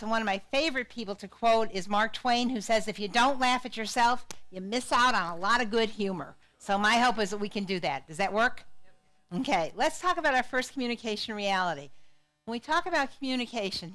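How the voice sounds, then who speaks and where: Woman, middle-aged, psychologist, keynote talk, fairly high voice, lively, interactive. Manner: lively, interactive, asks the audience questions. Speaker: psychologist and speaker. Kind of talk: live keynote talk to an audience.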